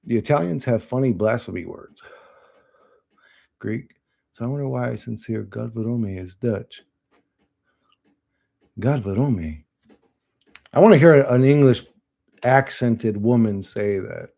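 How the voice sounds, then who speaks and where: A man's voice: medium pitch, measured pace, gravelly, mellow. A man rambling casually to his stream chat, swearing and laughing often. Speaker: channel host.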